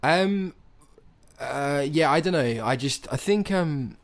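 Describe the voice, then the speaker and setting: A man's voice: fairly high pitch, expressive, slow pace. A man co-hosting a podcast in casual chat, rambling and self-deprecating. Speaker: podcast co-host.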